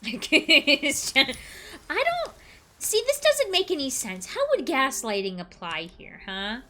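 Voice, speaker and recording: Lively bright-voiced woman streamer. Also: high-pitched, slow. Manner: playful, teasing, chatty, laughs often. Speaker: game streamer. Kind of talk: casual chat while gaming on stream. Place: at a home computer desk.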